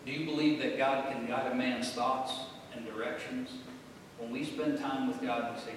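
A pastor preaching a sermon, speaking with bursts of forceful, emphatic repetition. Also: male voice, fairly even intonation, moderate pace. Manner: preaching with swelling emphatic outbursts. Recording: echoey hall, distant mic, faint rumble.

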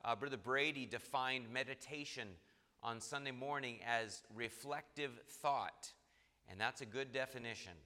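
A man preaching a midweek sermon in a church, earnest and emphatic, reading scripture slowly. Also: mid-range voice, bright, forceful tone. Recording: reverberant hall.

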